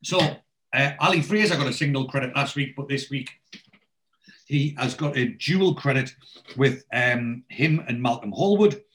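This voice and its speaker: A man's voice: medium pitch, fairly bright tone, slight background noise, low-quality recording. Male podcast host, casual recap delivery, hesitant and rambling.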